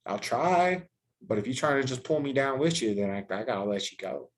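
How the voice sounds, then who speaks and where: A man hosting a podcast in casual chat, ranting with heavy swearing and animated emphasis. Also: mid-range voice, a little fast, a little hiss or hum. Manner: heavily profane, ranting and animated. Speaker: podcast host.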